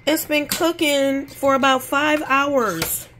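A woman's voice: high voice, takes it slowly, a bit bright, slight background noise. A woman chatting bluntly in a casual home vlog from her kitchen, swearing freely and talking with her lips barely open. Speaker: vlogger.

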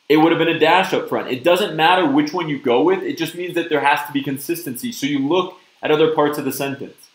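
A man's voice: a little high, reverberant, low-quality recording. Upbeat man teaching a test prep lesson. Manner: upbeat, checks in with "okay?" and "right?". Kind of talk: live-streamed lesson. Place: virtual classroom stream.

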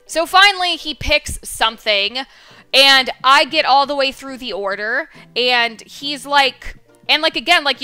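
A woman telling an exasperated, swear-heavy story about a slow customer at her retail job. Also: sits high, bright, forceful tone, smooth. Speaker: streamer telling a work story. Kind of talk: casual storytelling rant.

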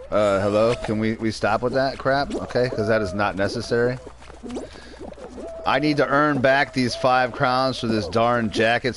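A young man giving casual, joking commentary while streaming a game, rambling and snapping at teammates now and then. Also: medium pitch.

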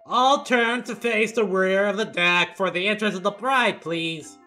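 A man's voice: high-pitched, unhurried, bright, forceful tone, soft background music, pitched above the performer's own voice. A man voicing a solemn wedding priest in a game read-along, formal and intoning.

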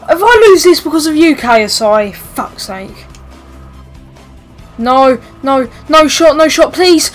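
A young woman giving excitable gameplay commentary, swearing, pleading and shouting at the match as it unfolds. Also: high-pitched, a little slow, soft background music. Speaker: gaming YouTuber.

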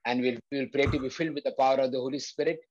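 A man's voice: mid-range voice, steady tone, racing, darkish tone, lo-fi sound. A man leading a Bible study, preaching earnestly with repeated phrases and frequent fillers. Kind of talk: preaching to a prayer group.

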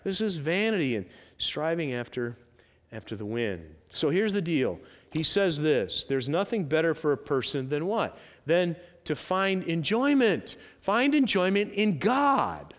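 A male pastor preaching a sermon, animated and emphatic, with sudden rises and drops. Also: high-pitched, slow. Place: church sanctuary. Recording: long church hall reverb.

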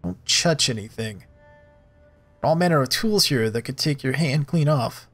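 A man voicing a polite, cultured male rigger with a faint Russian accent, speaking courteously with a quiet edge of menace. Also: mid-range voice, animated, measured pace, faint music behind.

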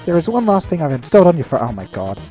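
An awkward female scientist blurts out rescue plans in an excited rush. The voice is mellow and lively in pitch, with faint game music behind, as a gamer voices her. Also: very fast, natural voice. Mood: urgent.

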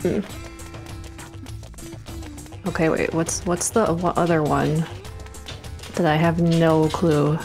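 A woman's voice: low voice, fairly even intonation, slow pace, pauses often, darkish tone. A woman chatting casually on a game stream, playful and full of questions. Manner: playful, giggly, asks questions. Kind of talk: casual chat while playing. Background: game music.

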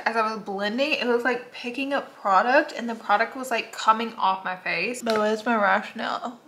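A bright, forceful, slightly high voice belongs to a woman in her thirties doing a casual makeup vlog at home in front of a mirror. She talks candidly to the camera, peppering her speech with "like."

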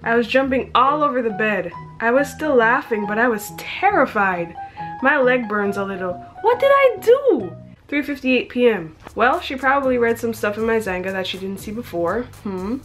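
A woman's voice: on the high side, normal speed, a bit bright, soft background music. A young woman reading her teenage diary aloud, breaking off for chatty, self-mocking asides and frequent giggles. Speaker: vlogger.

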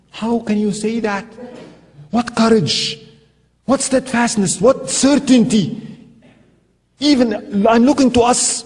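A man's voice: high-pitched, darkish tone. A man giving a sermon talk, telling stories with emphatic rhetorical questions. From Egypt. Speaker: Islamic speaker. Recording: lecture hall with long reverb.

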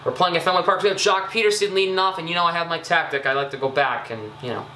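Excitable young man narrating his gameplay. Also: fairly high pitch, fast, echoey room, a little hiss or hum. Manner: chatty, excitable, self-critical with frequent ums and uhs. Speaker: gaming YouTuber. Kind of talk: casual gameplay commentary.

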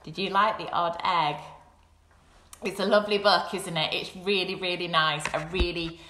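A woman, reading a picture book aloud on a live stream for young children. She is animated and drops into soft whispers and squeaky sound effects. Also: moderate pace. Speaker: children's storyteller. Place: home kitchen. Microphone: camera set up in front of her. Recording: roomy home room echo.

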